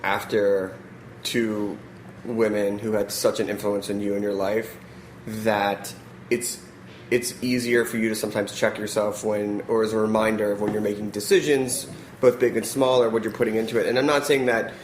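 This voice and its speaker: Low-voiced host in a roomy studio. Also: male voice, little pitch movement, moderate pace, a little hiss or hum. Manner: long winding questions. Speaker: radio show host. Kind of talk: interview questions.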